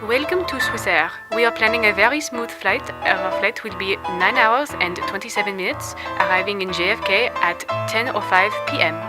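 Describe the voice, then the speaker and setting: Woman doing a smooth airline cabin announcer. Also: medium pitch, lightly acted. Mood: polite. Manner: smooth, measured announcement delivery. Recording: loud music underneath.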